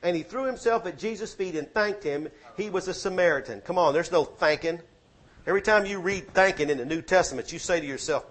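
A man's voice: high voice, lively intonation, brisk. Exhorting preacher man. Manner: exhorting, swings to shouting peaks. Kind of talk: sermon.

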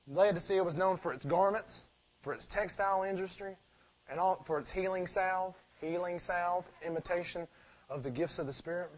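A high-pitched male preacher delivering a sermon. He leans hard on his main points, then drops to soft, near-mumbled asides, and fires off rhetorical questions only to answer them himself. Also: normal speed. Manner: swings from loud emphatic preaching to quiet asides.

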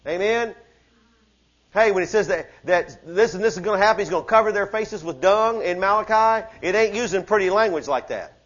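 Brief high-pitched male pastor, fervent preaching from hush to shout, muffled church recording. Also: brisk. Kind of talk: sermon. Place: church service.

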